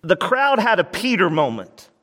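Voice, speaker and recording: A man preaching a sermon as pastor, animated and laughing as he acts out the people he quotes. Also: high voice, normal speed. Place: church sanctuary. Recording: church hall reverb.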